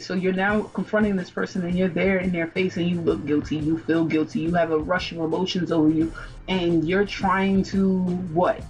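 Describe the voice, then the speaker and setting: A woman's voice: lowish voice, level tone, moderate pace, darkish tone, highs cut off. A woman hosting a music channel, breaking down song lyrics in a chatty, slangy way with rhetorical questions. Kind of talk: casual commentary on song lyrics.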